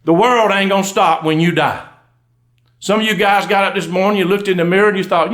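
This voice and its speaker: Telling comic stories to a live audience, the middle-aged undertaker drawls in a folksy Southern US accent and laughs when he hits a punchline. His voice sits high and a bit bright, and he moves at a quick pace.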